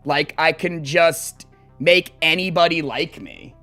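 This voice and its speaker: A man's voice: fairly high pitch, slow pace, soft background music. A man streaming as he plays a game, chatting casually and telling rambling, profane stories. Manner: animated, profane, rambling storytelling. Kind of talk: casual chat while gaming.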